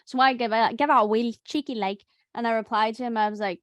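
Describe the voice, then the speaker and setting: A woman's voice: on the high side, quick pace, hardly any pauses, no room sound, studio quality. A young woman, telling stories in a casual group chat about voice acting. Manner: chatty storyteller, animated quoting. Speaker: voice actor.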